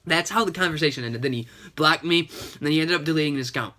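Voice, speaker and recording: A man's voice: on the high side, fast, noisy background. A young man, a gaming YouTuber, casually and sarcastically retelling a chat with a scammer, slightly sick and sniffling. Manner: chatty, retelling a chat with lots of "and he's like". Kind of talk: casual gaming vlog commentary.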